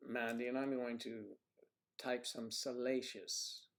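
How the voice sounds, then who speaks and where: A man hosting a casual livestream, rambling through stories and viewer messages and trailing off into low mutters as he clicks around. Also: flat delivery, takes it slowly. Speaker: livestream host.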